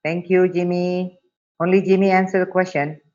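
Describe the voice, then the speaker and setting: A woman's voice: on the low side, level tone, normal speed, darkish tone. A woman with an Indonesian accent teaching an online test-prep class, often checking in with "okay?". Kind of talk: online webinar lesson. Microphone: computer mic on a video call. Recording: dull lo-fi webinar audio.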